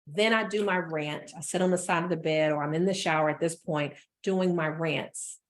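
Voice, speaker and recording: A woman business coach giving an energetic motivational talk, repeating phrases for emphasis. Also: sits low, moderate pace.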